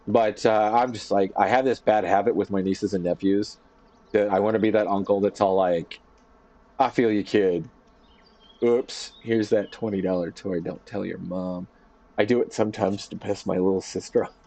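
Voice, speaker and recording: A man streaming from his home office, chatting casually and telling a rambling, animated story with lots of fillers. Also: lowish voice. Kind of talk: casual chat.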